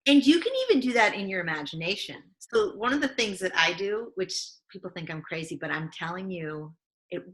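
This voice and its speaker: Lifestyle coach lady on a podcast, bright voice, thoughtful and earnest. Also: fairly low pitch, a little fast. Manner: earnest, reflective, acts out inner voices. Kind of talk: conversational interview.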